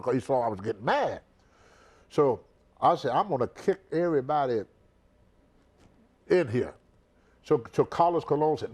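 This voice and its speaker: An older man from the U.S., once a wrestler, relates a story for a shoot interview at a normal pace, pausing often, in a medium-pitched voice. His delivery is animated; he repeats words and acts out the characters.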